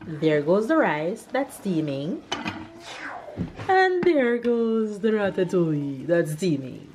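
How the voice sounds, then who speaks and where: A woman's voice: mid-range voice, very animated, slow, noisy background. A Jamaican woman in her thirties, a mother narrating a casual family vlog from her kitchen, playfully quizzing her kids in a sing-song way. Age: 30s. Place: home kitchen.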